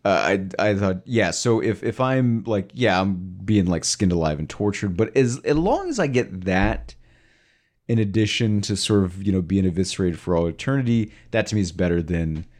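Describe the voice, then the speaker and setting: Low, lively, rambling podcast man. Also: moderate pace. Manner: rambling, filler-heavy, teasing. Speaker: podcast co-host. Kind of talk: casual chat.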